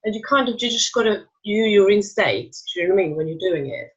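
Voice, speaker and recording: A woman's voice: medium pitch, animated, fast talker, husky. A woman hosting an interview who asks long, searching questions, hesitating and restarting often. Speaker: host and spiritual practitioner. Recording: dull lo-fi sound.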